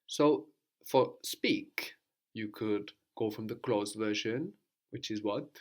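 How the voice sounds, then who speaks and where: Patient and questioning, a language teacher with a rather low male voice walks his student through a guided lesson. A brief "no?" frequently ends his points as a check-in.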